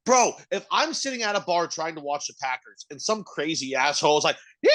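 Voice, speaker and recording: A man co-hosts a casual podcast, cutting in with blunt, profane opinions. His voice is bright and sits a little high, and he leans hard on his words. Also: sing-song, fairly quick, few pauses. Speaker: podcast co-host. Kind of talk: casual chat.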